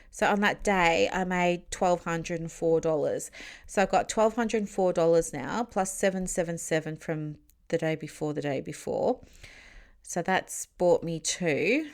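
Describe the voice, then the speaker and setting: A woman business mentor in a solo podcast, telling her story in an animated, chatty way with laughs and asides to the listener while explaining terms plainly. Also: lowish voice.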